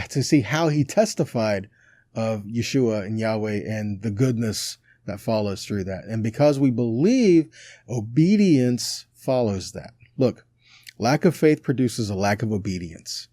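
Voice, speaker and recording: A man with a warm, mellow voice leads a relaxed Bible teaching, reading scripture aloud and pausing for rhetorical check-ins. His pitch sits in an ordinary middle range. The recording is dry and close, with no room sound. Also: dry recording.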